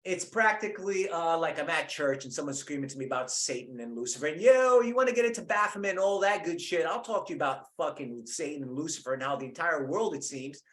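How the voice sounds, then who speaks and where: A man in an angry, profanity-laced political rant, heated and rambling, with a higher voice than most men. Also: lively intonation, fast talker, hardly any pauses, fairly bright tone. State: in pain from a cracked collarbone. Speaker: political commentator.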